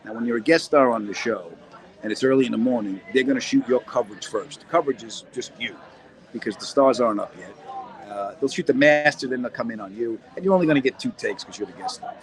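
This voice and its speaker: A man's voice: mid-range voice, fast talker, poor audio. A middle-aged man, a comedian and actor, rambling and joking through a casual live-stream chat from a cold cellar, answering viewer questions. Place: cold cellar corner, indoors.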